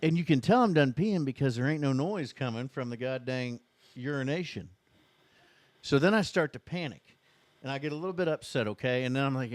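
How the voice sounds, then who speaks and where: A man's voice: mid-range voice, brisk, no echo. A man with a Southern Indiana accent, telling a long comic story on a podcast, cursing freely. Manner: profane rambling storyteller. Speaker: podcast co-host. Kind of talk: casual storytelling.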